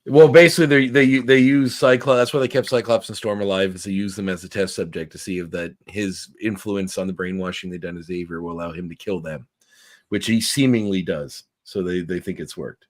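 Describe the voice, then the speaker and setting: A man's voice: low voice, brisk. A man co-hosting a podcast, casually recapping a comic with lots of fillers and restarts. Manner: rambling recap with fillers, reads quotes aloud. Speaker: podcast co-host. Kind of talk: casual comic review chat.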